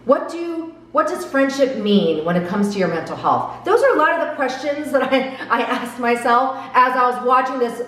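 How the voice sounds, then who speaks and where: A woman's voice: high voice, expressive, moderate pace, few pauses, fairly bright tone, far from the mic. A woman giving earnest, reflective commentary on a drama episode, often asking her viewers direct questions. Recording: echoey room, voice off-mic, faint background.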